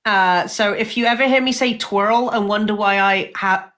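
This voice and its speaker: A woman's voice: mid-range voice, fairly even intonation, normal speed, fairly bright tone. A woman with a posh West Country English accent chatting casually and laughing along. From England. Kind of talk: casual chat.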